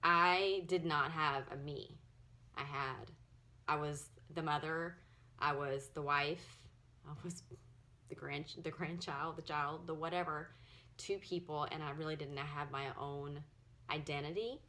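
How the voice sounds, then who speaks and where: A woman in her forties sharing her personal story in a halting, earnest way, at times close to tears. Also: deep voice, steady tone, sharp tone. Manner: earnest, halting, emotional, often near tears. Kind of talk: personal testimony to camera.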